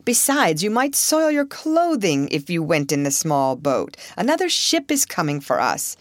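A woman's voice: fairly low pitch, wildly swooping pitch, normal speed, no room sound, studio quality. Earnest, firm storybook manager, read by a woman. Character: serious middle-aged male film company manager.

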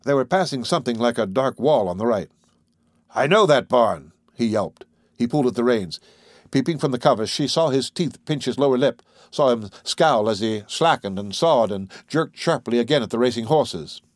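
A man narrating an audiobook in a steady, measured reading style. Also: medium pitch, dry recording, clean studio sound.

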